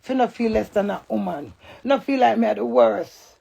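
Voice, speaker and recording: A middle-aged woman with a Jamaican accent, ranting loud and cantankerous on a live stream and swearing in patois. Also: on the high side, moderate pace, vocal fry, slightly rough. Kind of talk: heated live-stream rant.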